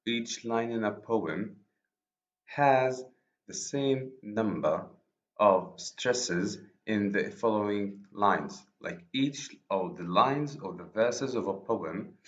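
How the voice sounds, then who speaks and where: A man whose first language is Arabic, giving a university lecture on poetry in English, explaining slowly and rephrasing himself often. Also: fairly low pitch, lively intonation. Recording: echoey room, dull lo-fi sound.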